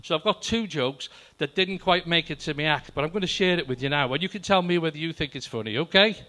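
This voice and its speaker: An older man on stage telling jokes to a live crowd, his voice sitting a little higher than most men's. He keeps it chatty and talks straight to the audience between punchlines. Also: quick pace, pushed and bright. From Wales. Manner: chatty, addresses the audience directly. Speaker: amateur stand-up comedian. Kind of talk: stand-up joke telling. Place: library hall with live audience.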